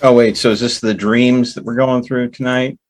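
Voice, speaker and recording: A man's voice: mid-range voice, level tone, normal speed, faint music behind. Hesitant man chatting at a game table. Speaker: player. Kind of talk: casual chat.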